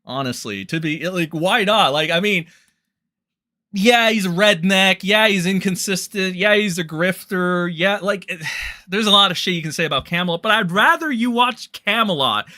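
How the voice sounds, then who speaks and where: A man's voice: high-pitched, pushed and bright. A young man hosting a livestream, rambling and swearing as he comments on online drama and talks to his chat.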